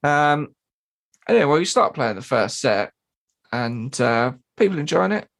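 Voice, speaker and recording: A man co-hosting a podcast, telling a gig story in casual chat, swearing and mimicking people in high squeaky voices. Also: big pitch swings, measured pace, vocal fry, fairly bright tone. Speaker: podcast co-host and drummer.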